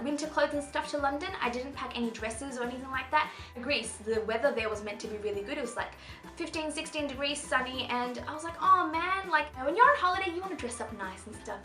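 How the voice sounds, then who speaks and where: A bright, high-pitched young woman in her twenties chats her way through a clothing haul, bubbly and rambling. Her voice is picked up by a camera mic in a roomy, echoing space, with faint music playing underneath. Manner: bubbly, chatty, rambling with many asides. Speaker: fashion vlogger. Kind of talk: casual shopping haul chat.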